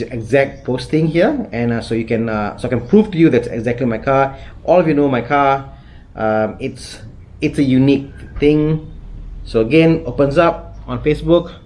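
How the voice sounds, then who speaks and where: A fairly high-pitched man vents to his viewers as a car vlogger, angry and repeating himself. He stumbles through "uh" and "um" while walking through what he is showing. He is from Malaysia. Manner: agitated, repetitive, lots of fillers. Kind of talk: angry direct-to-camera vlog.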